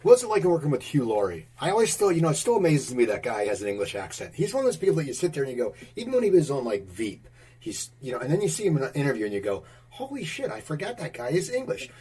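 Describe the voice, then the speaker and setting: A man hosts the interview with a slightly husky voice. His pitch moves a lot as he asks casual, conversational questions. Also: very animated, very fast, warm tone, recorded from a distance. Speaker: podcast host, interviewer.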